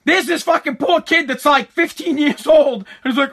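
A man's voice: very high-pitched, normal speed, vocal fry, few pauses, a bit bright. A man hosting a podcast, ranting heatedly with profanity and frequent restarts. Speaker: podcast host. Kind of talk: ranting political commentary.

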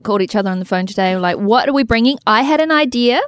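A woman co-hosting a casual podcast, bubbly and enthusiastic, quick to tease her co-hosts. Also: on the high side, lively intonation, dry recording, studio quality. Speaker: podcast co-host. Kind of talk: casual chat.

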